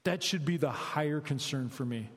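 A middle-aged man delivers a sermon in a lively, conversational way, tossing questions out to his listeners. His voice sits a little high. The sound carries a long reverb from a large hall. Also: moderate pace. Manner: energetic, conversational, asks the audience questions. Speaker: preacher, high school basketball coach.

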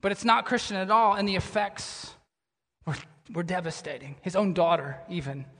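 Male pastor delivering a sermon; bright, forceful tone, reverberant sanctuary sound. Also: moderate pace. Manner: animated storytelling, drops to a low somber tone.

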